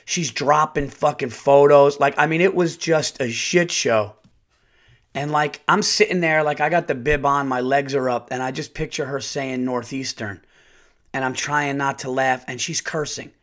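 A man's voice: medium pitch, moderate pace, fairly bright tone. Rambling, profane man telling a story. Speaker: podcast host and comedian. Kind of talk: casual storytelling.

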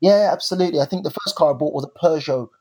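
A young man, co-hosting a podcast and telling stories in a lively, slangy way. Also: a little high, fast talker, husky. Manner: animated storyteller, slangy. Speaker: podcast co-host. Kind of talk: casual chat.

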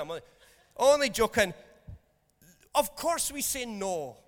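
A man preaching in a relaxed, conversational way, with a slightly high voice. He keeps checking in with his listeners. The sound carries the long reverb of a church hall. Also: normal speed, pauses often. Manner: conversational, jokey, checks in with "okay?". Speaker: pastor. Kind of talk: sermon.

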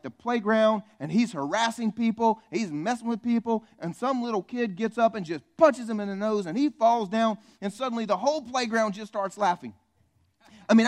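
A fairly high-voiced man preaching a sermon in church. He talks with a lot of energy, jokes often and calls out to the congregation as he goes. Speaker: pastor. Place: church in front of a live congregation.

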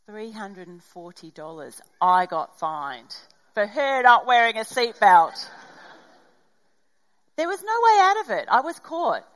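A woman's voice: medium pitch, moderate pace, low-quality recording. A middle-aged woman preaching a sermon, telling a personal story and acting out the dialogue. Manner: animated storytelling, acts out dialogue.

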